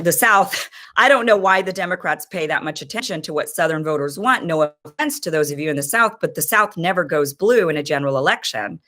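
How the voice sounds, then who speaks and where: A woman's voice: fairly low pitch, sharp tone. A woman in her thirties giving impassioned, frustrated political commentary as host of her own show.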